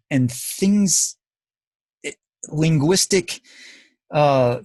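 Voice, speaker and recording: A man's voice: medium pitch, no echo. A man hosting a podcast, talking in an earnest, emphatic, lecturing way. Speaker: podcast host. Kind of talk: casual podcast talk.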